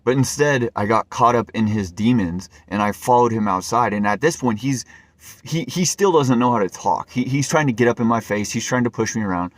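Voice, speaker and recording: A man's voice: medium pitch, brisk, dry recording. A man telling a personal story to camera in an earnest, rambling way, often stumbling and repeating his words. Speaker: vlogger.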